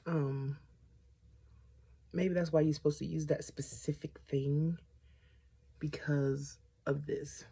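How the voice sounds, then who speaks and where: A woman's voice: deep voice, steady tone, slow, creaky, long pauses, mellow, breathy edge. A woman vlogger chatting through a casual storytime while doing her makeup, getting sidetracked and animatedly retelling what people said.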